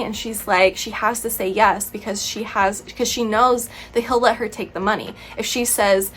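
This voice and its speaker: A woman's voice: mid-range voice, normal speed, few pauses, fairly bright tone, soft background music. A young woman vlogging casually to camera, chatty and playfully opinionated, full of "like" and "you know". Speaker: YouTuber reviewing books and films.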